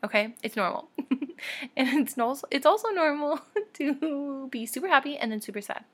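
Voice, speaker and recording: A young adult woman hosting her own podcast, talking candidly and warmly to listeners with soft laughs and fillers. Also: sits high, lively intonation, normal speed. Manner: heartfelt and encouraging toward listeners. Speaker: podcast host. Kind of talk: casual solo podcast talk.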